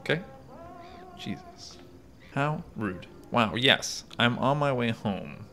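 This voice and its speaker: Gravelly-voiced man in sarcastic gameplay commentary. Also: medium pitch, animated, measured pace, sharp tone, a little hiss or hum. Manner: sarcastic, talks back at game characters. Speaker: gaming YouTuber. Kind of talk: let's play commentary. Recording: game music behind voice.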